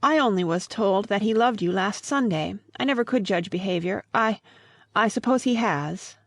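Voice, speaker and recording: A woman reading a gentle grieving old father in an audiobook, earnest and pleading, in a mid-pitched voice with a dry, close sound and no room echo. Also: normal speed, lightly acted.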